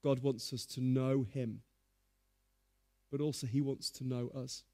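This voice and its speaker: A man preaching a sermon, telling stories in a lively, humorous way. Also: mid-range voice, unhurried.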